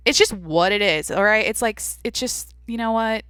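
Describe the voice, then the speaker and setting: A woman's voice: medium pitch, fairly quick, fairly bright tone, clear, resonant tone, dry recording. Nasal woman rambling on her podcast. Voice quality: nasal, slightly congested sound. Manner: rambling, chatty, profane and self-mocking. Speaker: podcast host. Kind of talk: casual solo podcast chat.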